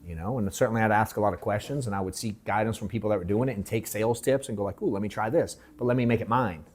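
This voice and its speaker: A man leading a live sales workshop, telling animated stories that act out his own reactions, swearing freely and calling the audience bro and dude. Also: fairly low pitch, racing. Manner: animated storytelling, mimics himself, swears, calls people bro and dude. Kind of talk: casual, joking workshop talk.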